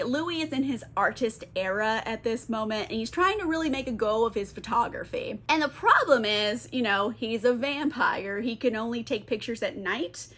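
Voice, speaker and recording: Young woman, higher-pitched, casual vlog recapper, chatty and sweary. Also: animated, moderate pace, hardly any pauses, fairly bright tone. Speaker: TV recap vlogger.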